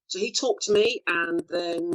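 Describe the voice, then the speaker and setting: A middle-aged woman telling stories as an interview guest, acting out the quotes with lively shifts of voice and frequent laughs. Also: fairly low pitch, a little slow, rough recording. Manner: lively storyteller, acts out quotes, laughs often. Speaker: actor being interviewed. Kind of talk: anecdotal interview chat.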